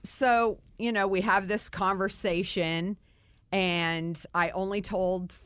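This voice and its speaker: A middle-aged woman, a podcast guest, telling her story in a casual, animated chat, laughing now and then. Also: medium pitch, slow, smooth, dry recording.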